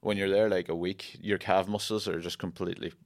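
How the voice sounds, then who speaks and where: Easygoing man with a low voice. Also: steady tone, a little fast. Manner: easygoing, agreeable, laughs often. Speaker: guest comedian. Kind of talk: casual chat.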